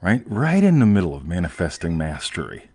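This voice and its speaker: A man's voice: low voice, huge pitch swings, fairly quick, darkish tone, husky, no echo. A man hosting a casual chat, rambling and emphatic, often tagging "right?" and swearing offhandedly. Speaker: host.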